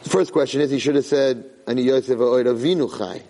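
A man giving an animated Torah class. He repeats phrases for emphasis and mixes Hebrew terms into his English. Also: medium pitch, fast, big-room sound, poor audio. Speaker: Torah teacher. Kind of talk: Torah class on the weekly portion.

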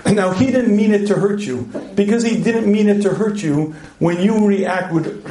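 A middle-aged man giving a joking, animated marriage seminar talk to a live audience, clearing his throat often. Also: sits high, normal speed, few pauses. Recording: echoey hall.

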